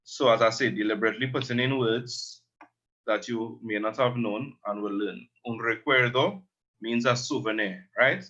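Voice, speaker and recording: A man teaching a language lesson, slowly explaining words and repeating them. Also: mid-range voice, steady tone, pushed and bright, highs cut off.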